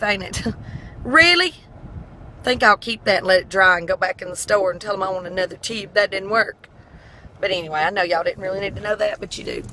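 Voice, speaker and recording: A woman's voice: medium pitch, sharp tone, a little hiss or hum, low-quality recording. A middle-aged woman, chatting in a folksy, heartfelt way. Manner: folksy and heartfelt, tearful at times. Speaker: vlogger. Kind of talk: casual chat.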